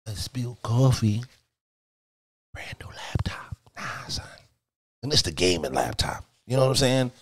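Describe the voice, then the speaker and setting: A man hosting a casual live stream, talking in an animated, profane way that swings from shouts to mutters. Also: medium pitch, unhurried, pauses often, dry recording, studio quality. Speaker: streamer and host.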